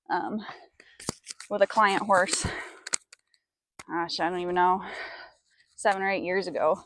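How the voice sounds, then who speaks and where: A woman's voice: medium pitch, slight background noise. A woman horse trainer talking through a training session on a clip-on mic, chatting to viewers and cooing praise to her horse. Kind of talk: mic'd-up training commentary. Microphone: clip-on mic while working a horse.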